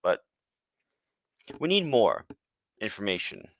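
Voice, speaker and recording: A man's voice: lowish voice, very animated, takes it slowly, gravelly, a bit bright, no echo. A man co-hosting a casual podcast chat, easygoing and giving many short agreements. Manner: easygoing, backchannels a lot. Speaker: podcast co-host.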